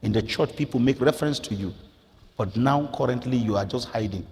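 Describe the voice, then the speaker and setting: A middle-aged male pastor with a Nigerian accent preaching a sermon in a church, swinging between quiet, earnest passages and loud, emphatic rises. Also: medium pitch, fairly quick. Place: church hall. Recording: reverberant church hall.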